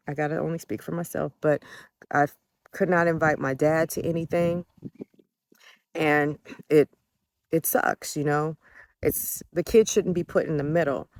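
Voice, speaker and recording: A woman's voice: low voice, no room sound. A woman telling a personal family story, candid and emotional, swearing freely as she gets indignant. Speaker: adult child recounting family conflict.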